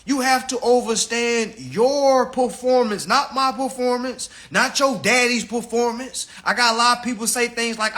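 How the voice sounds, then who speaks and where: A man in his thirties hosting a live stream. He lectures his audience in a profane, preachy and animated rant. His voice is high-pitched and bright. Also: normal speed, hardly any pauses. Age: 30s.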